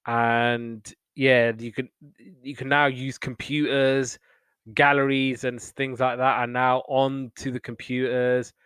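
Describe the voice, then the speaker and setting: A man's voice: mid-range voice, slow, smooth, no echo. Rambling man in casual chat. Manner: rambling, animated retelling with playful quoted voices. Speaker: podcast host reviewing old TV shows.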